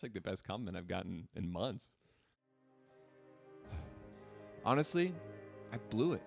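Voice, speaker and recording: A man in his late twenties giving a wry, sarcastic scripted narration as a video host. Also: fairly low pitch. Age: late 20s.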